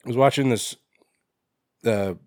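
A young man co-hosting a horror podcast, chatting casually with loose, swearing, animated rants. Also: mid-range voice, unhurried, no room sound. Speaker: podcast co-host. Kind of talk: casual chat.

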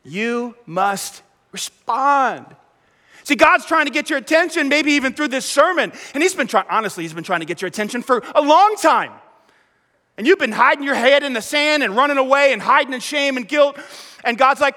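A middle-aged male pastor preaching an energetic sermon, acting out the prayers and voices he quotes. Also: very high-pitched, moderate pace. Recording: long hall reverb.

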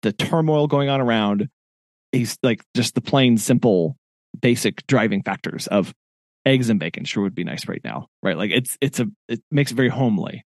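A man's voice: medium pitch, moderate pace, dry recording, clean studio sound. A man co-hosting a podcast, discussing a book in a thoughtful, reflective way and reading passages aloud before commenting on them. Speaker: podcast co-host.

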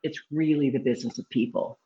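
A middle-aged woman from Nashville with a slight Southern accent, chatting casually as an interview guest and acting out quotes in animated voices. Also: very deep voice, quick pace, dull audio. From Nashville, Tennessee. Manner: lively storyteller, acts out quotes with animated voices. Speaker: real estate broker guest.

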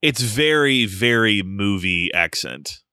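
A man's voice: lowish voice, animated, takes it slowly, sharp tone, clear, resonant tone, no echo, clean studio sound. A man co-hosting a podcast, casually recapping a film's plot with joking asides. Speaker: podcast co-host. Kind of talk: casual movie review chat.

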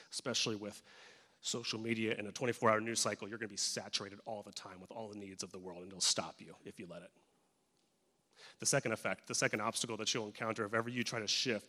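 A man's voice: on the low side, steady tone, fast talker, bright, forceful tone. A male pastor preaching a sermon in a church, conversational and joking with emphatic turns. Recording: echoey church hall.

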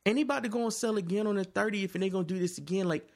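A man in casual chat with friends, telling stories in an animated, profane way. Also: high-pitched, very fast, gravelly.

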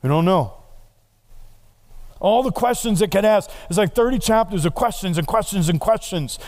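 Middle-aged guy preaching, kinda high voice, chatty, throws questions at the crowd. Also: animated, normal speed, darkish tone. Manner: conversational preaching, asks the congregation questions. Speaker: pastor. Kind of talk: sermon.

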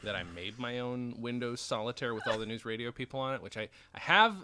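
A man's voice: mid-range voice, expressive, a little fast, bright, forceful tone, a little hiss or hum. A man co-hosting a podcast, chatting casually, laughing often and swearing as he retells scenes. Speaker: podcast co-host. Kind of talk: casual chat recapping a sitcom.

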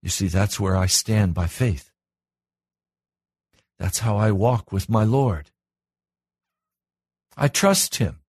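Husky-voiced man preaching a sermon. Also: slow, long pauses, darkish tone, no room sound. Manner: earnest, rises in pitch and volume when stressing a point. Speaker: pastor.

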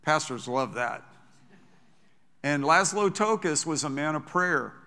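A man's voice: a little high, animated, takes it slowly, sharp tone. A male pastor preaching a sermon in an enthusiastic, emphatic way, recorded in a church with long reverb.

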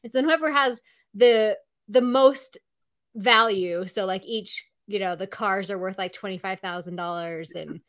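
Hosting a live show on a video call, this podcast host keeps things chatty and loose, leaning heavily on "like" and "um." She speaks in a mid-range voice that's a bit bright and never rushed.

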